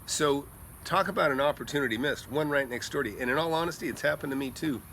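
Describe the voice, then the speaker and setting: A middle-aged man telling rambling, animated stories as a real estate investor, chatting casually outdoors by a pool at night. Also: on the high side, quick pace, gravelly, a little hiss or hum. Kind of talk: casual storytelling vlog.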